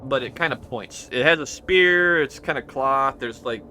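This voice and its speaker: A man's voice: mid-range voice, moderate pace, sharp tone, a little hiss or hum. A man recapping his tabletop campaign as game master, rambling and hesitant with many fillers and restarts.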